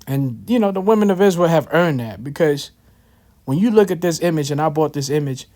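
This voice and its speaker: A man's voice: fairly high pitch, lively intonation, a little fast, darkish tone. A man giving casual scripture commentary, telling a personal story in a loose, slangy way with many fillers and asides. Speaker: religious teacher.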